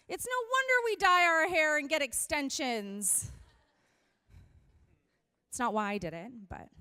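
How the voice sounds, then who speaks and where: A young woman speaking as a youth pastor, giving an earnest and animated sermon that moves from scripture into a candid personal story. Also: sits high, dry recording. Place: church hall.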